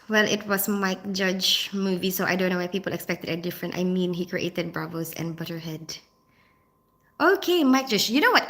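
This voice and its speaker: A woman's voice: mid-range voice, a bit bright. A woman from the Philippines, chatting casually on a livestream, reading out comments in a rambling way and laughing often. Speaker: nurse and livestream host reading viewer comments.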